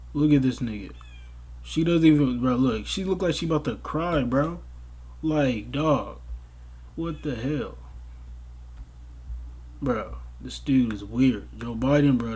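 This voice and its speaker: A man's voice: mid-range voice, breathy edge. A young man giving a casual, profane commentary rant, exasperated and bursting into outraged exclamations. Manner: profane, exasperated, animated outbursts. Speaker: commentary vlogger.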